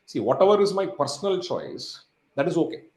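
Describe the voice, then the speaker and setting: A man's voice: on the high side, very animated, brisk, a little mellow. A man from India teaching exam preparation to students, often asking "am I right?" and repeating "say, for example". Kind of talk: lecture to students. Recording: echoey room.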